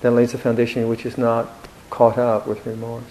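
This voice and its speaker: A man giving a Buddhist dharma talk in a reflective, gently humorous way, with hesitant restarts. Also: mid-range voice, monotone, normal speed, a little hiss or hum, poor audio. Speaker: Buddhist monk teacher.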